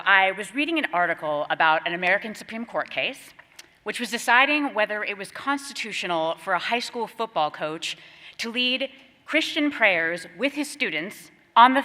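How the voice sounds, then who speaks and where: Female keynote speaker, low-ish bright voice, hall echo. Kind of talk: keynote speech. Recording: reverberant hall.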